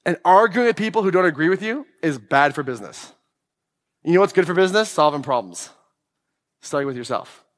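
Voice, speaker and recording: A man's voice: a little high, animated, brisk, a bit bright, in a large hall. Emphatic male motivational speaker. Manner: emphatic, blunt, swears freely. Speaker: podcast host giving a talk. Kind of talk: motivational talk to a live audience.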